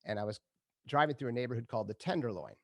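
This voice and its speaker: A man's voice: mid-range voice, racing, no echo, clean studio sound. A middle-aged man, a retired ad executive, telling stories as a guest in an interview and acting out quotes with laughs. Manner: animated storyteller, acts out quotes, laughs often. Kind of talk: conversational interview storytelling.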